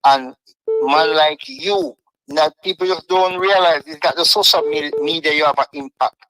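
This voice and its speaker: A man's voice: fairly high pitch, expressive, moderate pace, vocal fry, bright, forceful tone. A man with a Jamaican accent calling in to a talk show, emphatic and repeating his praise, heard over a phone line. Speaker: caller.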